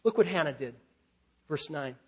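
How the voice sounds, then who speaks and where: Male pastor, high and slightly husky voice, conversational preaching full of rhetorical questions. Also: animated, moderate pace. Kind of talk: sermon.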